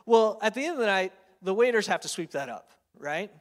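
A man's voice: high voice, lively intonation, brisk. A man in his thirties preaching a sermon in a chatty storytelling way, full of fillers and "right?" tag questions. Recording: long hall reverb.

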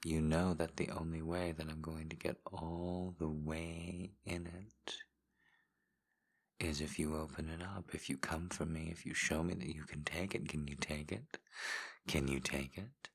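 A man in a whispered role-play, giving slow, coaxing encouragement with repeated phrases in a deep, husky whisper. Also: steady tone. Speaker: intimate audio performer.

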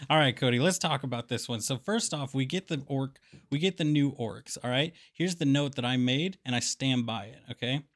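A man's voice: mid-range voice, normal speed. A man co-hosting a casual comedic review chat, rambling and joking, constantly tagging his sentences with "okay?". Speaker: podcast co-host.

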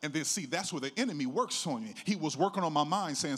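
A middle-aged male pastor preaching a sermon, telling his own story in a sing-song preaching cadence that swells from hushed to loud. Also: fairly high pitch, expressive, fast talker, hardly any pauses.

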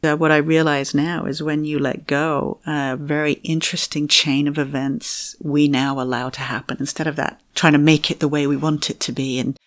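A middle-aged woman, a fertility coach, telling her story candidly in an interview, animated and giggly, acting out her own past thoughts. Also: deep voice, normal speed, hardly any pauses.

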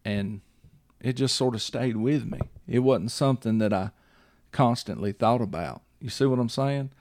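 A man's voice: medium pitch, normal speed, a little mellow, dry recording. A man hosting a casual chat, rambling and repeating himself while he checks that the listener follows. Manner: rambling, repeats himself, checks in with "you see what I'm saying".

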